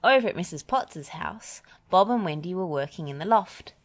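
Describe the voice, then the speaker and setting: A woman reading a children's picture book aloud in a slow, gentle way. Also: lowish voice, lively intonation. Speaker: storybook reader.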